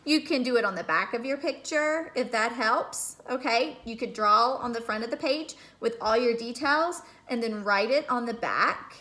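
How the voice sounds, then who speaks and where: A woman teaching a remote phonics lesson to kindergarteners, patiently sounding out words slowly and checking in with "okay?". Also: fairly high pitch, sharp tone. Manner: slow, drawn-out sounding out of words.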